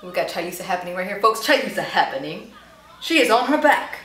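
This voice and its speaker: A fast-talking young woman with a medium-pitched, fairly bright voice is extremely animated as she hosts a casual YouTube reaction video. She giggles, chats away, and mimics the people she's reacting to, in an echoey space with faint noise.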